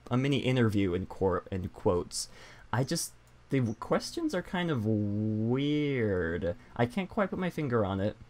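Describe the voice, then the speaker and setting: Guy hosting a chill podcast, chatty and self-mocking, mid pitch. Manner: chatty, self-deprecating, reads quotes aloud. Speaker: podcast host. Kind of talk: casual podcast chat.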